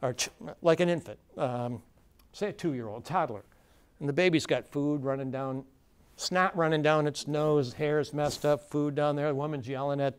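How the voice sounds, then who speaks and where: A man's voice: a little high, moderate pace, clean tone. A man facilitating a conference workshop, talking informally to a live audience with plenty of fillers and restarts and questions thrown to the room. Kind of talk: conversational lecture to a live audience.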